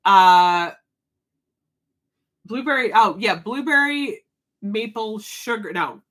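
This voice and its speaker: A woman hosts a relaxed live chat, talking to her viewers and answering their comments as they come in. Her voice sits at an ordinary pitch, and she laughs easily between remarks. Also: takes it slowly. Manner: chatty, reading viewer comments, laughs often. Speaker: livestream host.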